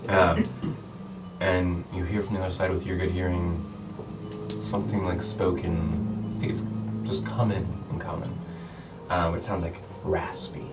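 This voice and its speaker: A man's voice: sits low, little pitch movement, measured pace, long pauses. A man narrating a tabletop game as game master, describing scenes with many fillers. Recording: distant mic with music behind.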